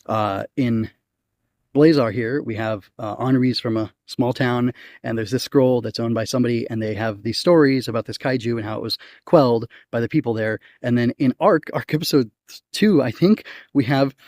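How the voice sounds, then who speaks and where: A man's voice: mid-range voice, normal speed, darkish tone, no echo, clean studio sound. Rambling man, casual podcast review. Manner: rambling, with frequent ums and likes. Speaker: podcast host reviewing episodes. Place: outdoors in nature.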